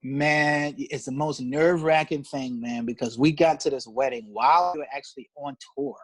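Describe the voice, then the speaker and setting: In a casual interview with no room sound, a male pedal steel player speaks at a moderate pace in a mid-range voice. He's an animated storyteller, laughing as he mimics the voices of people he quotes.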